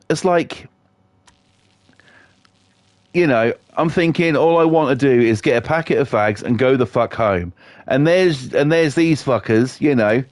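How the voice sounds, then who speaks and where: A middle-aged British man streaming and ranting through a stream of crude, sarcastic anecdotes. His voice sits a touch high and swings up and down a lot as he tells the stories. The sound is dry and close, with no room around him. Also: dry recording. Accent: British English. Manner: sweary, sarcastic storytelling. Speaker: livestreamer. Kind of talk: casual ranting chat.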